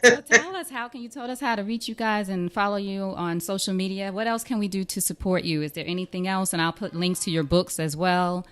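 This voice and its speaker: A woman's voice: mid-range voice, fairly quick, hardly any pauses, fairly bright tone, clean tone. A woman hosting a podcast interview, encouraging and appreciative toward her guest. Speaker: podcast host.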